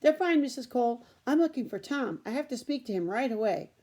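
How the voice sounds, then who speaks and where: A woman voicing an excited young schoolteacher who talks urgently. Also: on the high side, brisk, pitched above the performer's own voice. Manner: urgent and breathless.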